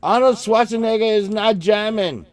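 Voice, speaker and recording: Man doing a huffy German office guy, high voice, slow clipped broken English, loud. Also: natural voice. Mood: indignant. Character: indignant German office worker, male adult.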